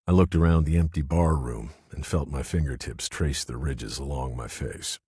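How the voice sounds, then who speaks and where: A man reading a first-person mystery audiobook in a low, subdued way. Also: normal speed, mellow, breathy edge, no echo, studio quality. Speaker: audiobook narrator. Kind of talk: scripted first-person narration.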